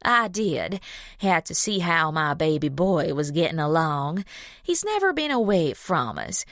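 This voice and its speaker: A woman's voice: sits low, big pitch swings, a little slow, fairly bright tone, no echo, studio quality, full character voice. A woman voicing an older wealthy Southern belle mother with a sweet cooing drawl and a Southern US accent.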